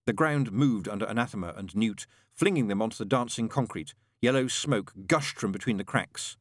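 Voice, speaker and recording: A man narrating an audiobook in a dry, measured storytelling manner. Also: on the low side, animated, dry recording.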